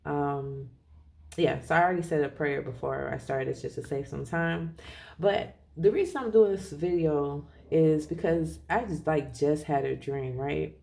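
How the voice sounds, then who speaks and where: A tarot reader talking casually and rambling, correcting themself often and laughing softly as they share a reading. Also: medium pitch, unhurried, vocal fry.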